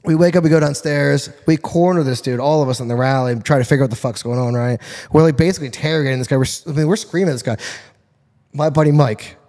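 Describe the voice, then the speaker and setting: A man's voice: fairly high pitch, quick pace, long reverb tail. A man from Florida, a podcast guest telling a rowdy story with lots of swearing. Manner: profane, animated storytelling. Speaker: podcast guest, car tuner. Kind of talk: casual storytelling.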